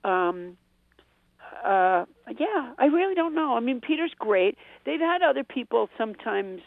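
Gravelly middle-aged woman on a tinny phone line. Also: lowish voice, no echo. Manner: rambling, self-deprecating humor. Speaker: comedian and quiz show panelist. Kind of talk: radio interview storytelling.

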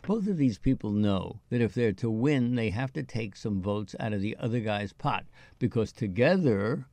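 A man with a gravelly, mellow voice speaks earnestly on a studio panel, cutting in to press his points. The sound is dry and close. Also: lowish voice, lively intonation, normal speed, no echo. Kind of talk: panel discussion.

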